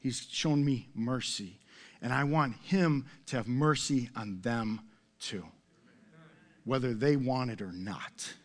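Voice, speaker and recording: A man's voice: medium pitch, slow. A middle-aged man preaching a sermon as pastor, conversational and full of rhetorical questions and self-mocking humor.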